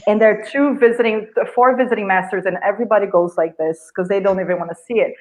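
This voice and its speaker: A woman, a guest healer, telling an animated story over a video call and acting out sounds and gestures. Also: medium pitch, fast, rough recording. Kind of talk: storytelling in a live video chat.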